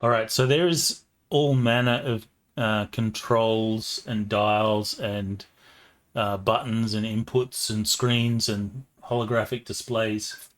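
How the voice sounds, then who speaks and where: Relaxed male game master. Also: on the low side, slow. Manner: relaxed, with many fillers. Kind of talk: narrating a tabletop game.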